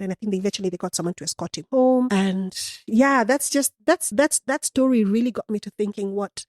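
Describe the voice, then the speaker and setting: Woman interviewee, animated storyteller, warm dark tone, dry close sound. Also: medium pitch, brisk, hardly any pauses, no room sound. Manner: animated storyteller acting out quoted dialogue. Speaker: guest, customer service coach.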